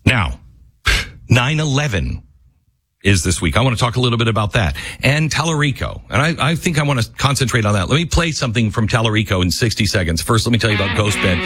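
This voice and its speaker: A man hosting a talk radio show, delivering an impassioned monologue that climbs toward yelling. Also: medium pitch, expressive, fast talker, slightly rough. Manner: impassioned, rising to near-yelling.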